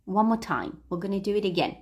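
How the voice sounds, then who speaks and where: A woman with a medium-pitched voice and lively intonation teaches English pronunciation at a quick pace on a livestream. In this read-aloud lesson, she patiently explains and models words for learners to repeat.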